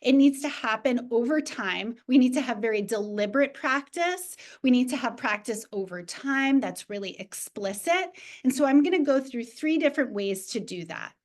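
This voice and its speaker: A woman walks fellow teachers through a reading lesson, patient and explanatory. Her voice sits a little high for a woman, and she demonstrates each step aloud as she goes. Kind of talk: teacher training presentation.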